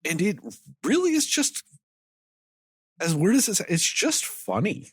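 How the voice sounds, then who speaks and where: His voice sits high, husky and very animated, recorded at studio quality with no room sound. As co-host of a laid-back movie review podcast, he rambles, swears freely, and slips into quick asides acting out characters' lines.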